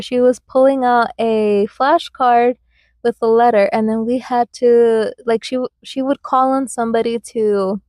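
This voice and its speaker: A woman's voice: a little high, warm tone, dry recording. A young woman from the United States hosting a podcast, telling casual stories from her childhood with lots of fillers and frequent laughs. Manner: chatty, laughs often, many likes and fillers. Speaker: podcast host. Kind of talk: casual storytelling.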